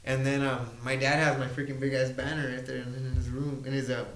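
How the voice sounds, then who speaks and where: A man's voice: mid-range voice, a little fast, roomy sound, poor audio. A young man, a mixed martial arts fighter, telling a profane street-fight story on a casual podcast. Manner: animated, profane, laughing storyteller. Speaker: MMA fighter guest.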